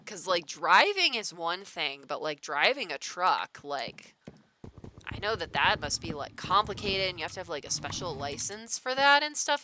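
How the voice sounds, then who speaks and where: A woman with a fairly low-pitched but bright, forceful voice chats casually as she plays a game. Her talk runs loose and rambling, full of "like". She laughs easily between thoughts. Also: slight background noise. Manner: chatty, full of filler "like", laughs often. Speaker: gaming streamer. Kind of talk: casual chat while playing a game.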